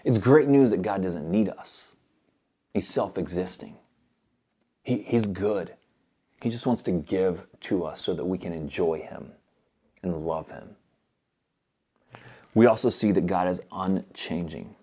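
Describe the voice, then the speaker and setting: A man preaching a sermon earnestly, moving between loud urgent stretches and soft hushed ones. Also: deep voice, measured pace, pauses often, slightly rough.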